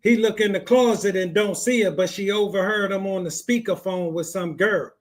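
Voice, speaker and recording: A man's voice: sits high, moderate pace. A man hosting a podcast, giving blunt, slangy commentary on a clip. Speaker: podcast host.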